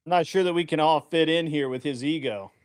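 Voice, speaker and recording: A man's voice: fairly high pitch, clean tone. A man arguing his side in a live online debate, hesitating often with many fillers. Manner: halting, full of uh and um fillers.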